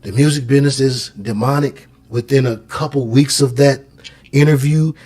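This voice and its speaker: A man with a middle-pitched voice talks loosely and at length, circling back and restarting as he tells his stories. His delivery is casual and conversational. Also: fairly even intonation, normal speed, a little mellow. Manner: storytelling, with many restarts.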